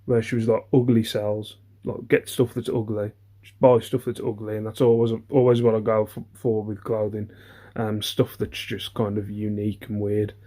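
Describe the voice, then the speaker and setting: A man's voice: fairly low pitch, little pitch movement, normal speed, mellow. A man, chatting casually through an eBay reseller's haul video. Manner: chatty, rambling, self-deprecating, many ums.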